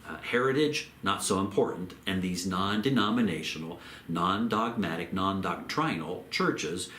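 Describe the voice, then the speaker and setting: A man giving a theology lecture in a measured way, repeating phrases and slowing down on key terms. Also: lowish voice, a bit bright, echoey room, a little hiss or hum. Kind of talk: recorded lecture.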